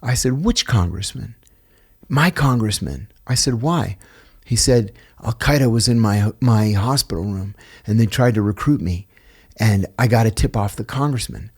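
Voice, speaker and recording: Slightly rough and on the low side, this voice belongs to a middle-aged man from the United States guesting on a podcast and speaking at normal speed. He tells personal stories casually, acting out the voices he quotes and laughing at himself.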